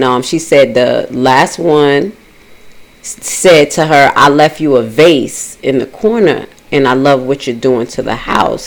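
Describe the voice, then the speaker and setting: Woman, casual storyteller, swears freely, jumps into a high voice for the quoted lines. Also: poor audio. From Haitian family. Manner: animated, profane, acts out dialogue in a higher voice. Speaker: host telling a personal story.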